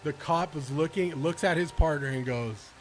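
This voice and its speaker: A man streaming a video game who tells stories in an animated, slangy way and laughs often. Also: a little high, moderate pace, soft background music. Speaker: gaming streamer. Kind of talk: casual storytelling while playing.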